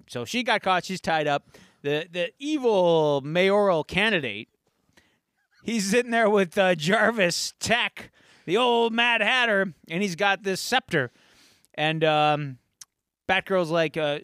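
A man's voice: high-pitched, lively intonation, a little slow, fairly bright tone, no room sound, clean studio sound. A man co-hosting a podcast, recapping a show in playful, jokey chat with many fillers. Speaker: podcast co-host. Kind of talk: casual pop-culture recap chat.

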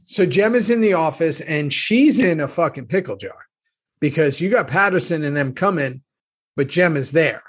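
A man hosting a casual rewatch podcast over a remote call, talking in animated, profane rants. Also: a little high, normal speed, husky. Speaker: podcast host.

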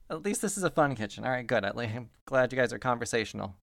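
A man's voice: mid-range voice, lively intonation, a little fast, gravelly, a bit bright, no room sound, studio quality. A man in a playful, rambling manner, narrating a tabletop game as game master.

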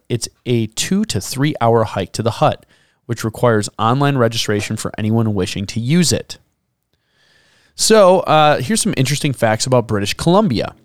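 A man co-hosting a podcast, working through his research notes in an easygoing way and tossing in dry jokes as he goes. His voice sits at an ordinary middle pitch. It is recorded close and dry, with no room echo. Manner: jokey, drops wry asides between facts. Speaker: podcast co-host. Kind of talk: casual podcast chat reading out research notes.

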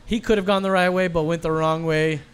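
A man's voice: a little high, fairly even intonation, a little fast, clear, resonant tone. A man hosting a casual trivia game with friends, announcing questions and answers with playful game-show flair. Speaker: quiz host. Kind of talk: casual podcast quiz banter.

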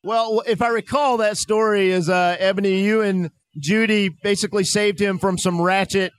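A man's voice: sits high, steady tone, normal speed, clear, resonant tone, no room sound. A man on a podcast, chatting casually and throwing in joking asides. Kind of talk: casual chat.

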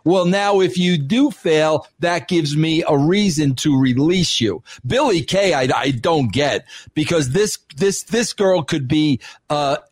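A brash podcast host, a man with a high voice, making his sales pitch in a slow, drawn-out way. He keeps calling his listeners "bro". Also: breathy edge, dry recording.

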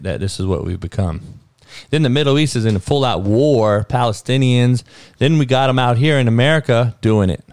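A podcast host ranting about sports and the news, swearing heavily and swinging from low muttering to loud outbursts. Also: male voice, dry recording, studio quality. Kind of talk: profane sports and news rant.

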